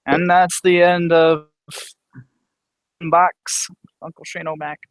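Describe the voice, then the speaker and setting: Podcast cohost guy, kinda high voice, laid back, dry close sound. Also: little pitch movement, takes it slowly, clear, resonant tone, no room sound, low-quality recording. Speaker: podcast co-host. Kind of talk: casual podcast chat.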